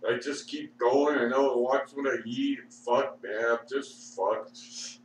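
A man's voice: mid-range voice, fairly even intonation, takes it slowly. A man ranting and muttering profanely in a rambling way, sore and struggling to get his words out. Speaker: vlogger. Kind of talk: rambling rant at the TV. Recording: echoey room, mic far off, faint hum.

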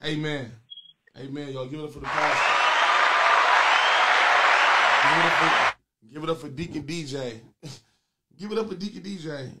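A man hosting a comedy call-in show with loud, crude, taunting banter aimed at his callers. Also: on the high side, moderate pace, long pauses, over a noisy crowd, heavy background noise.

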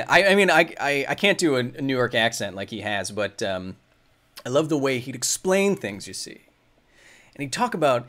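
Casting: male science host in his thirties, casual stream Q&A, rambling and thinking aloud, mid-pitched voice. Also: big pitch swings, moderate pace, a bit bright. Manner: rambling, thinks aloud with many fillers and restarts. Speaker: science video host answering viewer questions. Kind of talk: casual livestream Q&A.

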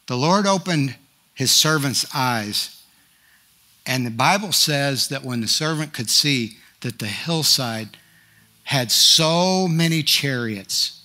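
Fervent man preaching with bright tone. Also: mid-range voice. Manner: fervent, declaring, rising to emphatic peaks. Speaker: pastor. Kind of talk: sermon.

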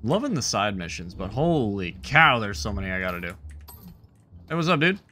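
A man's voice: fairly low pitch, sing-song, normal speed, bright, forceful tone, slight background noise. A man streaming a game, reading the dialogue aloud and adding casual, sarcastic asides. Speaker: gaming streamer.

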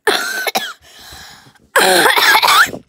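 A woman playing a bratty, self-absorbed young vlogger who talks in a whiny, petulant, deliberately clueless way. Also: extremely high pitch, huge pitch swings, gravelly, bright, forceful tone, exaggerated voice. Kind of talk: comic character vlog.

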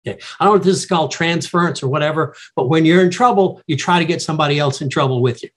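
A man teaching a Bible study in a reflective, explanatory, somewhat halting way. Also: a little high, fairly bright tone.

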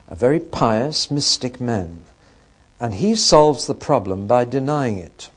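A man giving a conversational Bible lecture, with wry asides and rhetorical questions to his audience. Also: medium pitch. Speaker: Bible teacher.

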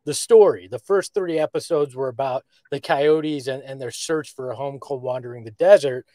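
A man's voice: mid-range voice, moderate pace, warm tone, dry recording. A man co-hosting a sports podcast, chatting casually and joking around. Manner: jokey, does character voices. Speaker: podcast co-host.

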